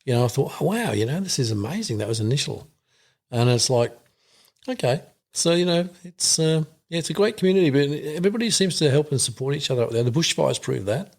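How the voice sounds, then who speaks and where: A man's voice: fairly high pitch, animated, fast talker. Earnest Australian man, casual chat. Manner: earnest, rambling, laughs easily. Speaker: podcast guest, veterans hunting program founder.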